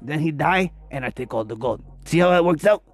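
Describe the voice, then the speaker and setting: A man's voice: on the high side, lively intonation, brisk, faint music behind. A man voicing a boastful young male street hustler who talks in swaggering slang.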